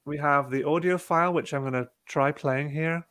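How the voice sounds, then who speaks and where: A man leads an online workshop for teachers, explaining each step of a lesson-building tool in an unhurried, easygoing way. His voice sits a little high for a man, and he talks as if over a video call. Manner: relaxed, talks through clicks step by step with fillers. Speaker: presenter demonstrating a teaching platform. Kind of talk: casual online webinar demo.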